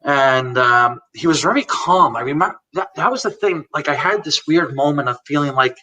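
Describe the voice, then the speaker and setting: A man in his forties tells his life story as a guest in a live chat, candid and plain-spoken, replaying conversations line by line. His voice is bright and forward. He sits a little back from the microphone, so he sounds slightly distant. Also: fairly high pitch, normal speed. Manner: candid, retells conversations word for word, laughs now and then. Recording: voice a bit far from the mic.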